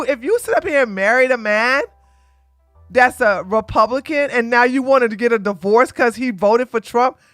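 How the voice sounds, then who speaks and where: A woman's voice: fairly high pitch, a bit bright, no room sound, studio quality. A woman hosting a political commentary livestream, blunt and opinionated, with frequent stumbling restarts. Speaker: podcast host.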